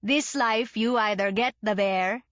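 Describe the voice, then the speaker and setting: A woman's voice: mid-range voice, a little slow, fairly bright tone, dry recording, highs cut off, lightly acted. A woman voicing a crazy, drunken French-Canadian father who hunts bears. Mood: menacing. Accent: French-Canadian, put on.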